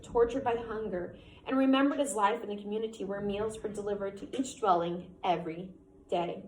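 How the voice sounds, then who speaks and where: A woman reads a novel aloud in a steady, measured way, like a teacher going through a chapter with a student. Her voice sits at a middle pitch. The room has a noticeable echo, with a faint hum of ambience behind her. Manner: reads steadily, stops to quiz the listener. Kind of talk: classroom read-aloud of a novel.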